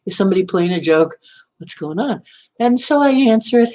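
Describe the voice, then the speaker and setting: A woman's voice: mid-range voice, lively intonation, normal speed, long pauses, dark tone. A woman casually recounting a dream and a night phone call, rambling and correcting herself, often laughing. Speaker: channel host. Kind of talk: casual storytelling to camera.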